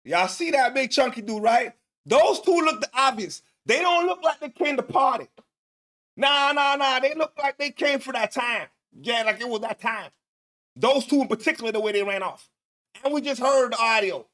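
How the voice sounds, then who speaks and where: A man with a strikingly high voice gives loose, excitable commentary, talking over video clips with plenty of slang. He gets loud and animated as he reacts. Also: moderate pace. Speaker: co-host. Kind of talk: casual commentary.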